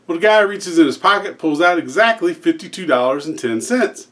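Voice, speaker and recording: A man's voice: fairly high pitch, lively intonation, fairly quick, a bit bright. A man who hosts a joke channel, casually telling a long joke with restarts and fillers.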